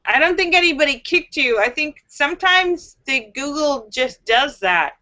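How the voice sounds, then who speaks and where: A woman's voice: high voice, expressive, normal speed, pushed and bright, muffled recording. A woman hosting a casual live stream, chatting, reading viewer comments and telling jokes with frequent giggles.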